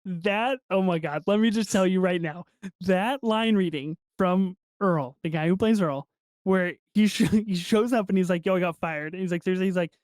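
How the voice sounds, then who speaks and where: A man co-hosting a podcast in casual film review chat, excitable and swearing freely as he acts out movie lines. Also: sits high, moderate pace, no echo, clean studio sound. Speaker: podcast co-host.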